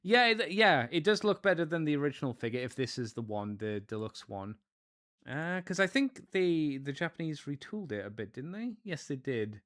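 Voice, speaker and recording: A man's voice: fairly high pitch, very animated, normal speed, fairly bright tone. A man co-hosting a podcast in casual chat, rambling with lots of fillers. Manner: rambling, with many fillers and restarts. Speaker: podcast co-host.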